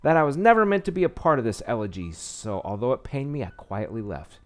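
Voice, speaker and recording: A man's voice: medium pitch, big pitch swings, a little fast. A man reading a visual novel aloud, with small slips and asides, saying he is losing his voice. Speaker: game narrator.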